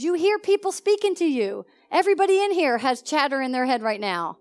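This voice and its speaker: A woman pastor teaching a sermon to her congregation in an animated, conversational way, often putting questions to the listeners. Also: high voice, a little fast, hardly any pauses. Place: church service.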